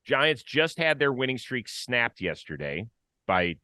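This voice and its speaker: A man's voice: mid-range voice, sing-song, unhurried, pushed and bright, no echo. A man hosting a baseball talk show, playful and stat-heavy in casual chat.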